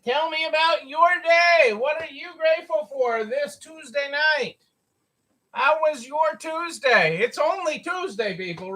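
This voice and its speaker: A man's voice: very high-pitched, sharp tone, rough recording. A tired man hosting a live stream for his store, chatting casually and repetitively, greeting viewers by name.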